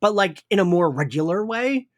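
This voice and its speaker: A man's voice: high voice, expressive, normal speed. A man co-hosting a podcast in casual chat, rambling and peppering his talk with "like". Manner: chatty, rambling, full of "like" and restarts. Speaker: podcast co-host.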